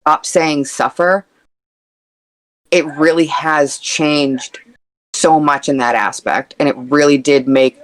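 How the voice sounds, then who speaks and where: A woman guest on an interview podcast, talking candidly and earnestly with quick playful quips. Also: rumbling low, poor audio. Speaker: guest, content creator and actor. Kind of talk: casual interview chat.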